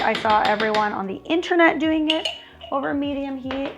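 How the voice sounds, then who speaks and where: A woman's voice: high voice, normal speed, muffled recording, over music. A woman hosting a cooking show in her home kitchen, chatty and wry as she talks through each step. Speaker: cooking channel host. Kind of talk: casual cooking demonstration.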